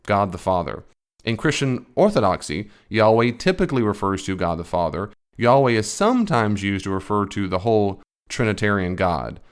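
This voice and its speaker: A man's voice: fairly low pitch, smooth. A man giving a reaction commentary on a theology video, explaining firmly and correcting the speaker.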